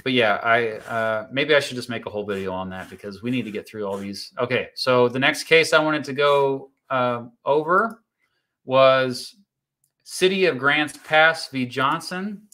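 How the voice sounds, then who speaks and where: A man's voice: medium pitch, moderate pace, pushed and bright. A man hosting a casual livestream, reading viewer comments and explaining court rulings in a chatty way with plenty of fillers and restarts. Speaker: YouTube host reading live chat.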